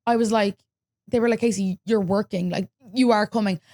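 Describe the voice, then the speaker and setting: A young Irish woman hosting a podcast, telling a story in casual chat, lively and swearing freely as she acts out what people said. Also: medium pitch, fairly quick. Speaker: podcast host.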